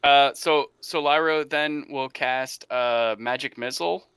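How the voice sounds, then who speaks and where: A man's voice: medium pitch, measured pace, fairly bright tone, clear, resonant tone, dry recording. A man playing in a tabletop game, who talks matter-of-factly and checks the rules. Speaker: player. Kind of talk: casual tabletop game play.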